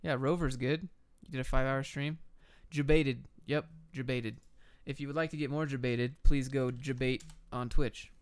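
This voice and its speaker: A young man answering viewer chat questions on a live stream, giving quick, blunt, offhand answers. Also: mid-range voice, fairly even intonation, clean tone, dry recording. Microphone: camera and desk mic.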